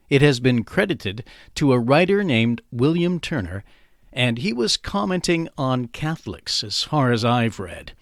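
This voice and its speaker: A man's voice: mid-range voice, a bit bright, dry recording, clean studio sound. Playful man explaining idioms. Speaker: podcast host. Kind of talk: scripted educational podcast.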